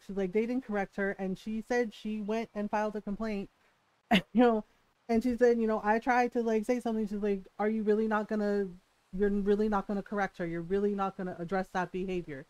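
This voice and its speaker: A woman streamer telling a story in casual live-stream chat, animated and ranting, laughing often and swearing freely. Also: fairly high pitch, no room sound, poor audio.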